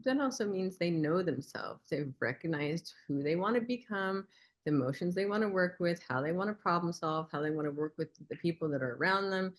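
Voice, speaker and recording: A woman co-presenting a webinar in a casual, lively way, telling personal stories and acting out what people said. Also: on the low side, brisk. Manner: lively storyteller who acts out quoted lines.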